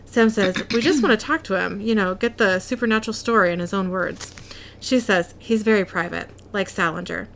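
A woman's voice: mid-range voice, a little fast, gravelly, fairly bright tone, a little hiss or hum. A woman co-hosting a casual chat, recapping an episode and reading out lines of dialogue with frequent giggles. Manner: giggly, reads out dialogue in narration.

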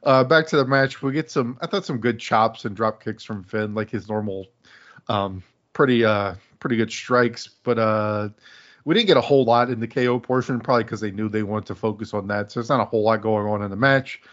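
Casting: low-voiced male co-host, laid-back rambling chat, slightly dull audio. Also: a little fast, a bit bright. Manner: rambling, laughs often, many fillers. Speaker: podcast co-host. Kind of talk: casual chat reviewing wrestling.

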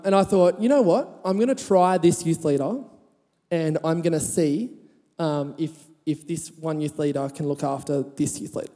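A high, warm-toned man preaches to his congregation in a chatty, storytelling way. His voice carries a long reverb from a large church hall. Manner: chatty, laughing, rising to emphatic. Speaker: pastor. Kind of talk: sermon with storytelling.

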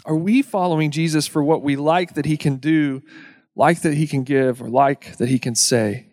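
A man preaching a sermon in a casual, joking way, acting out the crowd's lines in quick asides. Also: on the high side, darkish tone. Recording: long hall reverb.

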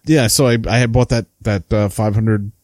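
A man's voice: fairly low pitch, steady tone, moderate pace, a little mellow, no echo. A man co-hosting a casual hobby podcast, telling stories in an easygoing way. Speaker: podcast co-host. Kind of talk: casual chat.

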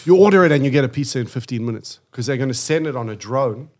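A man from South Africa, a podcast guest, telling stories in sweary, animated casual banter. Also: medium pitch, fast.

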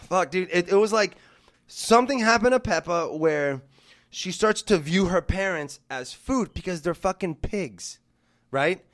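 Dude in his 30s ranting a story on a podcast, swears a lot, kinda high voice. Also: a little slow. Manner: animated, profane, acts out quotes. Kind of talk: casual storytelling chat.

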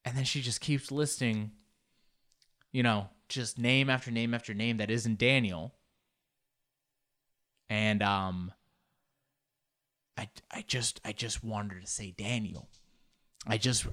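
A man's voice: on the low side, measured pace, pauses often, a bit bright. Rambling, profane man hosting a podcast. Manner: rambling, profane, self-mocking. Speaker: podcast host and comedian. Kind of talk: casual solo podcast monologue.

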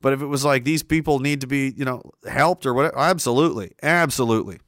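A man's voice: mid-range voice, fast talker, fairly bright tone, no echo. Heated man ranting, dry sound. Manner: heated, profane, repetitive. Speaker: livestream host. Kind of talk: ranting livestream commentary.

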